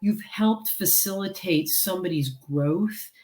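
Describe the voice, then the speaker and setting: A woman's voice: lowish voice, measured pace, warm tone. Earnest woman guest, rambling and heartfelt. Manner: earnest, rambling with many fillers. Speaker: author and counselor, guest. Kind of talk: casual interview chat.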